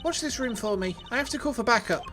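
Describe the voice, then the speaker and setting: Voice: mid-range voice, expressive, quick pace, fairly bright tone, soft background music, pitched above the performer's own voice, lightly acted. A streamer voicing a stern, snappish female detective who barks orders while reading a video game aloud. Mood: bossy, urgent. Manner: bossy barked orders.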